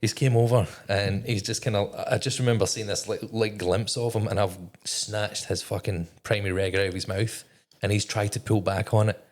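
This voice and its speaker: Guy, kinda low voice, swearing nonstop, telling his story on a podcast. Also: fairly even intonation, moderate pace, darkish tone. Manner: profane, swears constantly, quotes his own thoughts. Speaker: podcast guest, former navy technician. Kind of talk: candid storytelling in an interview.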